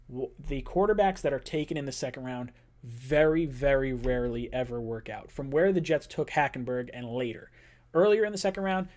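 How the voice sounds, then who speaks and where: A man hosting a live-stream sports podcast, talking casually and playfully with his chat, with quick bursts of speech. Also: mid-range voice. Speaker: podcast host.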